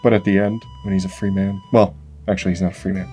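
A man's voice: low voice, little pitch movement, fast, mellow, faint music behind. A man co-hosting a casual crafting video, joking around and playful. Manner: jokey, playful, sings silly improvised tunes. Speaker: co-host. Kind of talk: casual chat.

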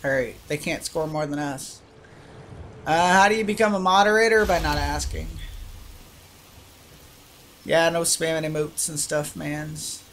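A woman game streamer drawls her commentary slowly over steady background noise in the recording. She swears freely, trash-talks the other players, and jumps into loud whoops and shouts when the action heats up. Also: low voice. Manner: profane trash-talking, bursts into shouts. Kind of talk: live gameplay commentary.

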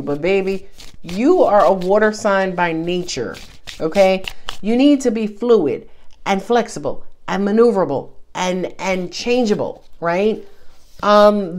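A tarot reader with a medium-pitched, slightly mellow voice reads cards to camera. She's casual and emphatic, full of slang, and calls the listener baby.

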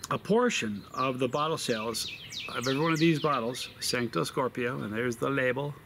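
Outdoors in a desert backyard with birds, a man reviews hot sauce in a casual video, talking in a rambling, chatty way with lots of fillers. His voice is mid-range, and the background is noisy.

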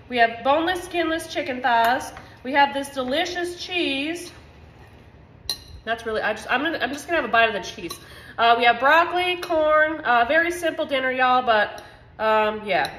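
A woman with a high, slightly bright voice chats cheerfully to her viewers while cooking at home, speaking directly to the camera as a home cooking vlogger giving a casual demonstration. The echoey kitchen recording carries a faint hiss or hum.

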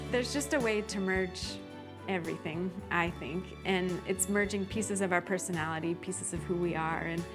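A woman homeowner speaking earnestly and reflectively in an interview, sometimes repeating words as she thinks. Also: on the low side. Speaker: homeowner and designer. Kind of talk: interview talk.

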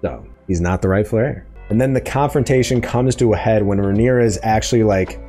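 A man's voice: lowish voice, brisk, faint music behind. Chatty man hosting a TV recap. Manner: chatty, excitable, acts out quoted lines. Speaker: podcast host. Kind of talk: casual TV episode breakdown.

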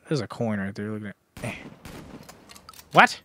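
A young man giving casual, rambling commentary while playing a zombie shooter, breaking into sudden excited outbursts, talking into a headset at home. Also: medium pitch, brisk, long pauses, no echo. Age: young adult. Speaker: gaming YouTuber. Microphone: gaming headset.

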